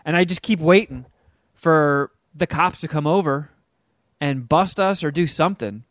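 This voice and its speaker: A man's voice: unhurried, no echo. Man telling a wild story in a dry room. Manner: animated, acts out quotes with big pitch jumps. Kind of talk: casual storytelling in a podcast chat.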